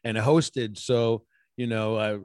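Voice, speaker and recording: A man's voice: on the low side, steady tone, slow, a little mellow, no echo, clean studio sound. A man who calls baseball play-by-play, chatting casually as a guest over a video call with an easygoing, self-deprecating manner.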